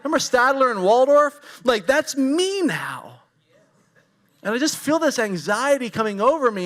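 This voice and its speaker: High-voiced man in his forties preaching. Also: a bit bright. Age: 40s. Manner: candid, storytelling, talks straight to the congregation. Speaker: pastor. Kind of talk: conversational sermon.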